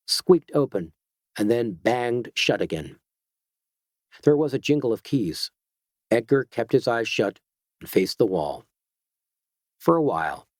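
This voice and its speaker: Casting: male audiobook narrator, even and measured, middle voice, dead-dry booth sound. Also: medium pitch, no echo. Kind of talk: scripted narration.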